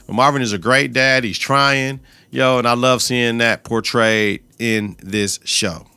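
A man's voice: medium pitch, steady tone, a little slow, pushed and bright, smooth, dry recording. A male podcast host giving a casual, profane, slang-heavy recap of a TV episode and quoting the characters' lines.

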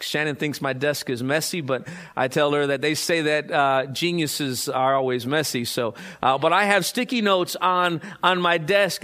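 A middle-aged man gives a sermon in a slightly higher-than-usual voice. He talks loosely, with fillers and false starts. Then he climbs to emphatic, lifted lines when he drives a point home. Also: fairly bright tone. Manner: conversational preaching with many fillers and restarts, rising to emphatic points. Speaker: pastor.

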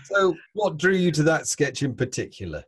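A male podcast host with a husky voice asks questions and chuckles, hesitant and full of restarts, while his pitch swings lively. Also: moderate pace. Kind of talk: casual interview chat.

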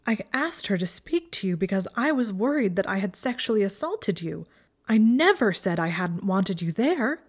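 A woman's voice: fairly high pitch, expressive, slow pace, vocal fry, darkish tone, pitched above the performer's own voice, full character voice. A woman voicing an anxious young witch, urgent and pleading, her voice climbing. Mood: distraught. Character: anxious clever young witch, easily distraught.

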